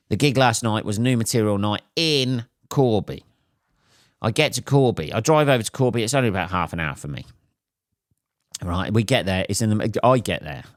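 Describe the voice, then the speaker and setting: A deep-voiced English man hosts his own comedy podcast alone. He talks in a loose, sweary, self-deprecating ramble full of ums and side tangents. The sound is close and dry with no room around it. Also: dry recording. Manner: profane, self-mocking storytelling with frequent fillers. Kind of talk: rambling solo podcast monologue. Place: at home late at night after a gig.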